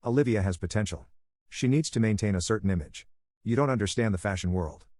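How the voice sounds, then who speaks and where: Brief: defensive scheming mom, read by a man, low dry voice. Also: quick pace, darkish tone, dry recording, close to an everyday voice. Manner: defensive, evasive. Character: defensive middle-aged mother who favors her daughter.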